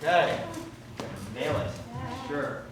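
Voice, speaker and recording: An improv teacher running a class showcase, calling freezes and cues in a brisk, encouraging way. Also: medium pitch. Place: school theatre hall. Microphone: far room mic. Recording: echoey, distant, noisy hall recording.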